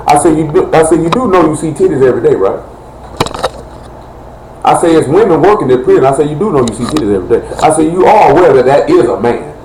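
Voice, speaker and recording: A man's voice: on the high side, fast talker, a little mellow. A man preaching an informal, joking sermon in loose street slang. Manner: loose, joking street talk, Southern American. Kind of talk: informal live-streamed sermon. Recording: echoey room with faint ambient noise.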